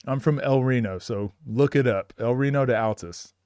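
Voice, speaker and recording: A man's voice: medium pitch, normal speed, a little mellow, no room sound. A man from Oklahoma chatting casually on a live stream, answering viewers' questions, laughing often and acting out quotes. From Oklahoma, USA.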